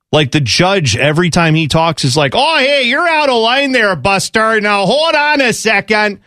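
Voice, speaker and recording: A man co-hosting a sports talk radio show, talking in a rambling, animated way and interrupting himself. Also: mid-range voice, no echo, clean studio sound.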